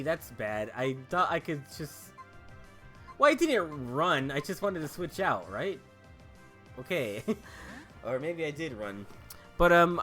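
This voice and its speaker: Casual, animated host, swears and laughs a lot over gameplay. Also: male voice, fairly high pitch. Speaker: gaming video host.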